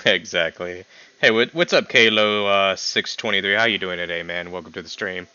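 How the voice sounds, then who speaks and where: A young man with a fairly low voice chats casually as a podcast host on a home stream. He teases his guest, laughs a lot, and his pitch leaps up when he gets excited. The sound is bright and dry but a bit dull and lo-fi. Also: normal speed, clean tone, no echo. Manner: animated, teasing, laughs often, jumps in pitch when excited. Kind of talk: casual chat ranking characters with a guest.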